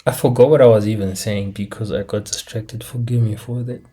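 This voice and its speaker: A young man from Africa delivering a casual, animated monologue on a laptop mic, asking rhetorical questions and dropping into slang. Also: on the low side, fairly quick, breathy edge. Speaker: commentator.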